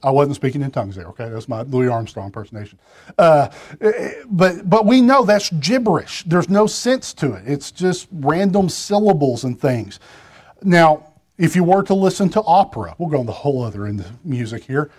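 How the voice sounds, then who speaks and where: A man's voice: on the high side, a little mellow. A man preaching a sermon from a pulpit, talking in a conversational way with restarts and side remarks to the congregation. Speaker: pastor.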